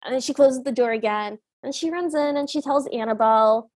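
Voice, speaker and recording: High-voiced woman podcast co-host. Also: brisk, few pauses, no room sound. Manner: animated retelling, voicing characters in passing. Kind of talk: casual recap chat.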